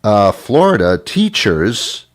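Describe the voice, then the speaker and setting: A male radio host in casual chat, wisecracking and full of disbelief. His voice sits low but moves a lot in pitch. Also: big pitch swings, slow. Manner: incredulous, wisecracking.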